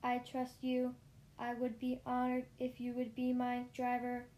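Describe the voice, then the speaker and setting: A woman voicing a calm, polite female robot car in a storybook reading, speaking slowly and formally. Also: fairly high pitch, roomy sound, a little hiss or hum, natural voice. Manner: slow, measured, formal speech.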